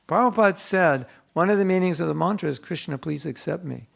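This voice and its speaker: A man's voice: on the high side, brisk, gravelly, few pauses. Earnest older man giving a devotional class. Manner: earnest and conversational, acts out quotes in soft hushed tones. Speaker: spiritual teacher giving a class.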